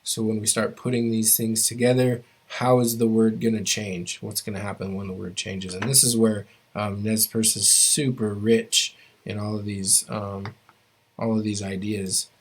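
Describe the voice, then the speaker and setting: A man with a fairly low voice leads an online language lesson through his computer mic. He talks in a loose, unhurried way, full of fillers and restarts as he shares his screen. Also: breathy edge. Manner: relaxed, many fillers and restarts. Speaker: language teacher. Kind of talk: online class lecture.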